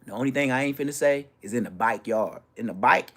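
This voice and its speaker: A man from Florida, a YouTuber, ranting casually with brash, profane talk and quick mimicry of other people. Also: mid-range voice. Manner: animated, brash, swearing, mimics others' voices.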